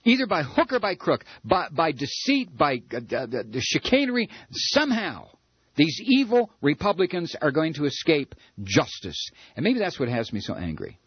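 A man's voice: on the high side, sing-song, moderate pace, husky, no room sound, lo-fi sound. A man hosting a radio talk show, ranting in a furious political monologue, stammering and repeating words.

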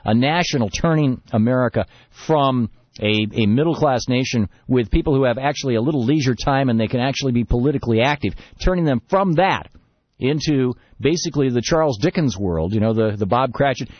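A man from Detroit hosting political talk radio, speaking in a rapid, discursive, opinionated way. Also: medium pitch, no room sound, highs cut off. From Detroit, Michigan. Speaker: radio talk show host.

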